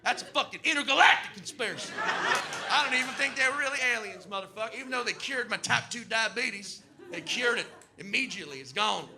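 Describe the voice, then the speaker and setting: Brief: comedian puts on a profane, defiant conspiracy guy, high gravelly voice, ranting. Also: lively intonation, fast talker, noisy background, heavily acted. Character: defiant, angry American male conspiracy believer.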